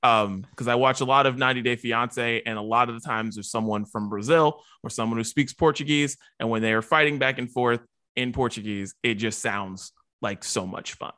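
A man co-hosting a casual podcast chat, talking in an excitable, emphatic way. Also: mid-range voice, moderate pace, dry recording, clean studio sound. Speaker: podcast co-host.

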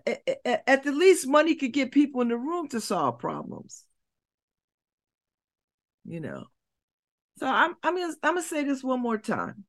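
A woman hosting a community radio show, talking bluntly and preachily with rhetorical questions. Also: a little high. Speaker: radio host. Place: radio studio.

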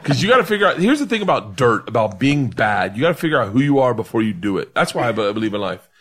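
A man's voice: medium pitch, big pitch swings, fast, a bit bright, slightly rough. A man in his thirties telling a long comic story to friends on a podcast, rowdy and laughing, acting out the voices of the people in it. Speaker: podcast host. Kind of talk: drunken storytelling among friends.

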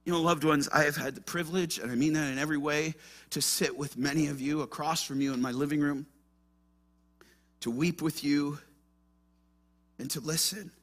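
Pastor guy preaching, earnest and emphatic, high bright voice. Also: steady tone, normal speed, long pauses. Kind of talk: sermon.

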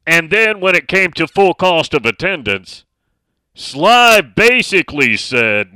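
A man's voice: fairly high pitch, lively intonation, slow pace, pushed and bright, clean tone, no echo. A middle-aged man hosting a sports talk radio show, speaking emphatically and reading out listener messages.

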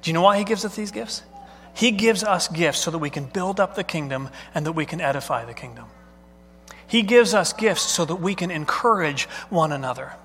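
A man's voice: sits high, animated, fairly quick, a bit bright, faint music behind. A male pastor preaching a sermon in a conversational way, often putting questions to the congregation. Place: church sanctuary. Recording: long hall reverb.

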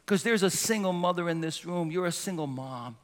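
Passionate pastor preaching in a reverberant hall. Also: male voice, sits high, a little fast. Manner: passionate, building to shouts and dropping to soft prayer. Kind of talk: sermon. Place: church sanctuary. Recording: long reverb of a church hall.

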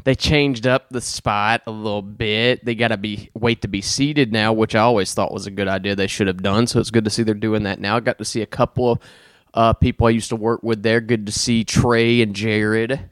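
A man's voice: on the low side, fairly even intonation, brisk, smooth, no echo, clean studio sound. A man hosting a casual podcast chat, loose and profane, sometimes breaking into a bit of song. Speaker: podcast host.

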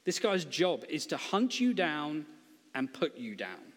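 A man's voice: on the high side, big pitch swings, a little slow, big-room sound. A man preaching a sermon in a conversational, humorous storytelling way, acting out quotes.

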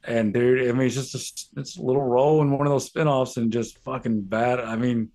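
A man's voice: medium pitch, fairly even intonation, fairly quick, darkish tone. Laid-back man chatting on a podcast. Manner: laid-back, short reactions and jokes. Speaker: podcast co-host. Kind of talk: casual chat.

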